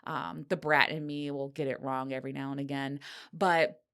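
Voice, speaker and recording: A middle-aged woman with a low voice hosts her own podcast alone. She talks frankly and breathlessly, laughing and sighing as she goes. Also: steady tone, normal speed, a bit bright, smooth. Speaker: podcast host. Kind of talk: candid solo podcast monologue.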